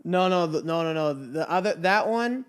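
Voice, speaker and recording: A young man co-hosting a casual podcast with his wife. His voice sits a bit high for a man, and he talks in quick, playful asides that turn earnest when he reflects. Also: lively intonation, clean tone. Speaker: podcast co-host. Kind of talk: casual chat.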